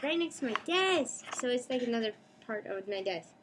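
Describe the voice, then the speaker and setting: A woman's voice: fairly high pitch, animated, brisk, hardly any pauses, noisy background. A woman chatting casually in a rambling home vlog, breaking off now and then to talk to her pet. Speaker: cosplay vlogger. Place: home apartment.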